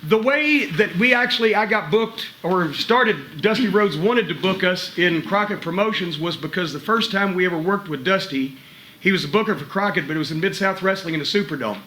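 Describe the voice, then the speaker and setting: A man's voice: high-pitched, sharp tone, slight background noise. Blunt, profane middle-aged man coaching. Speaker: wrestling trainer giving a seminar. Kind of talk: blunt coaching talk with stories. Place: wrestling school gym.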